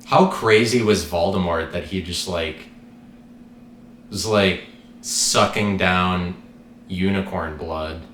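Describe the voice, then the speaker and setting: A man's voice: low-pitched, slow pace, long pauses, fairly bright tone, reverberant, slight background noise. A man hosting his own podcast, talking alone in a rambling, joking, irreverent way and swearing now and then. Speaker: podcast host. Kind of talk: rambling solo podcast monologue.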